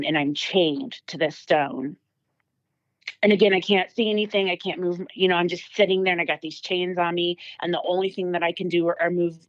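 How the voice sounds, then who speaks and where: A woman's voice: fairly low pitch, lo-fi sound. A woman giving a personal testimony as a podcast guest, telling her story vividly with many fillers and restarts.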